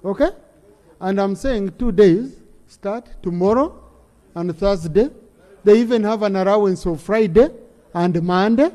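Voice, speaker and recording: A man's voice: high-pitched, a little slow, mellow. A man with a Ugandan English accent chairing a parliamentary session, firm and given to repeating phrases. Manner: firm, repeats phrases while directing debate. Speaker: presiding speaker of parliament. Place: parliament chamber. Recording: long reverb of a large chamber.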